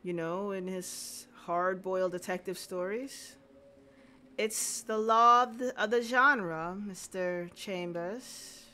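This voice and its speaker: A woman voicing a courteous, inquisitive male detective who asks measured questions slowly. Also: mid-range voice, sharp tone, a little hiss or hum. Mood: probing.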